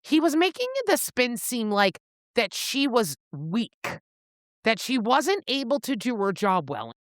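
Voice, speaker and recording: Podcast co-host, woman, expressive storyteller, dry close sound, swings her pitch all over. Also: measured pace, dry recording. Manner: animated storyteller, swears freely, acts out quotes with pitch jumps. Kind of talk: casual book recap chat.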